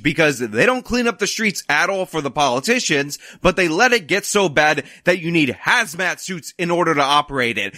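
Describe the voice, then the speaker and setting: A man's voice: high-pitched, bright, forceful tone, no echo, clean studio sound. A man ranting sarcastically as he comments on news clips, mocking and worked up. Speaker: political commentator.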